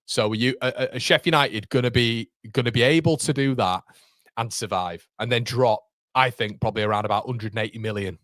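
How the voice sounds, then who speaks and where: Streaming a football match live, this man has a mid-range voice and a fairly quick delivery. He swings from excitedly shouting at players to relaxed chat with viewers full of British slang like mate and lads, all in a dry, close recording with no room around it.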